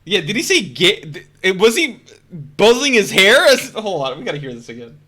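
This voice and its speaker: A man gives casual reaction commentary on a stream, joking and swearing freely. His voice is bright, a little higher than usual, with a lively pitch. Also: normal speed. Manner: joking, swearing, laughing often.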